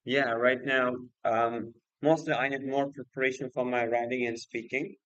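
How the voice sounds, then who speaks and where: A man's voice: mid-range voice, steady tone, normal speed, fairly bright tone, dry recording, muffled recording. A man hosting a casual livestream, speaking hesitantly with many fillers and restarts. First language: Uzbek. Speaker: livestream host and exam student.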